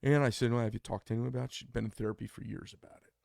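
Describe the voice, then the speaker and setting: A man tells a story on a podcast in a blunt, opinionated way and acts out the people in it. His voice is gravelly at a medium pitch, recorded dry and close. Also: fairly even intonation, rapid-fire, a little mellow, dry recording. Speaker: podcast co-host. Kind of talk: casual storytelling chat.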